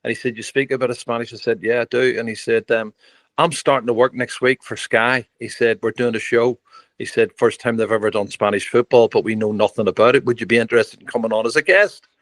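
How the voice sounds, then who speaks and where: An older man, a podcast guest telling lively stories full of quoted dialogue. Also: medium pitch, quick pace, no room sound. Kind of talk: anecdotal storytelling.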